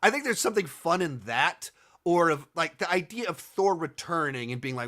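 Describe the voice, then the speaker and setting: A man's voice: on the high side, expressive, moderate pace, sharp tone. A man hosting a casual commentary video, answering viewer questions, rambling and thinking aloud with many restarts and sarcastic stretches.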